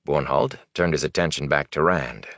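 Deep-voiced male fantasy narrator. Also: moderate pace, no echo, clean studio sound. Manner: expressive, dramatic. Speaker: audiobook narrator.

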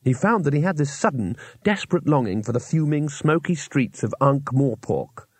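A male audiobook narrator with a husky, slightly breathy voice at a middling pitch, telling the story in a measured way. The recording is close and dry, with no room sound. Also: expressive, darkish tone, no echo.

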